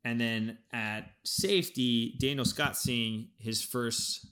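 Animated man breaking down football. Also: mid-range voice, slow, smooth. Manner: animated, thinking aloud with restarts. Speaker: podcast co-host. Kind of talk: casual sports podcast analysis.

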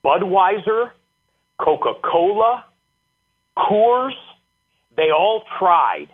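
A man voicing a booming, old-school male head football coach who proclaims with great conviction, heard over a tinny phone line. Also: expressive, drawn-out words, husky, heavily acted. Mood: proclaiming.

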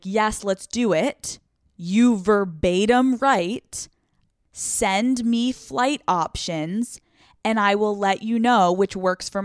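A young woman hosts a solo podcast in a brash, foul-mouthed, rambling way. Her voice sits in an ordinary middle range. The sound is close and dry, with no room echo. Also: mid-range voice. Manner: brash, profane and fast-talking. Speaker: podcast host. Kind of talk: casual solo podcast chat. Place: restaurant brunch. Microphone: phone.

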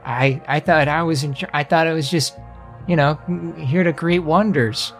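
A nervous little gnome fraud, as a man puts him on stammers and trips over his words. He sounds flustered and caught out, and the voice sits a bit higher than the man's own. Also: steady tone, moderate pace, soft background music, natural voice. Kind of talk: tabletop game narration.

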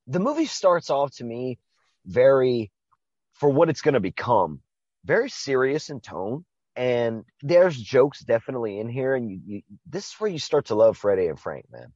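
An excitable man talks through a horror film with friends, cursing happily and laughing between points. His voice sits in a middle register and comes through a dull, muffled lo-fi recording with almost no room sound. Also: mid-range voice, no echo. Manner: enthusiastic, profane, laughs often. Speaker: podcast co-host. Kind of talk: casual movie discussion.

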